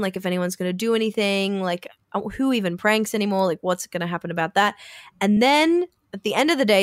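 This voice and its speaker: A woman's voice: mid-range voice, dry recording. Chatty woman telling a story on a dry mic. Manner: chatty, acts out quoted dialogue. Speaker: podcast co-host. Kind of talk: casual storytelling chat.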